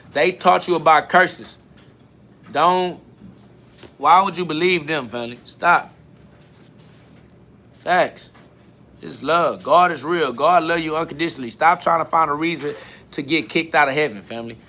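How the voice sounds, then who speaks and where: Blunt, profane man with a bright voice. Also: fairly high pitch. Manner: blunt, profane, confrontational, repeats catchphrases. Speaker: podcast host. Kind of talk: solo spiritual podcast monologue answering comments.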